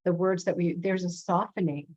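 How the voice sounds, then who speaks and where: A reflective woman host speaks with a lowish voice, affirming her guest and sharing her own thoughts. The recording is dry and a little dull. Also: steady tone, moderate pace, a little mellow, no echo. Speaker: host, minister. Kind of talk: interview conversation.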